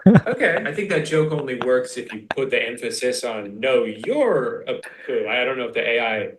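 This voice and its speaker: A man's voice: mid-range voice, brisk, noisy background. A man delivering scripted comedic commentary in a sarcastic tone, with exaggerated quotes. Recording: roomy room echo.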